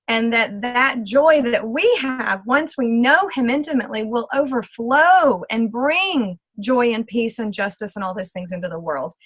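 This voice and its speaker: Animated woman telling a faith story. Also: fairly high pitch, dry recording, poor audio. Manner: lively retelling, acts out quoted dialogue. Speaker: ministry speaker. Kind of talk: storytelling testimony.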